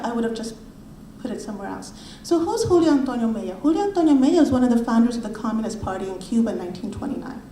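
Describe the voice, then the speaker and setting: A woman's voice: high voice, echoey room, a little hiss or hum, rough recording. A middle-aged woman presenting her book to an audience in a university library, telling stories and acting out the people she quotes. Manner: storytelling, animated, acts out quoted voices. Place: university library event room.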